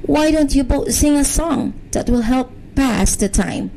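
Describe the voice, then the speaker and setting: A woman voicing a patient, kindly mother in a bedtime storybook, in a gentle, soothing voice. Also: high voice, unhurried, vocal fry, slight background noise, pitched above the performer's own voice, low-quality recording.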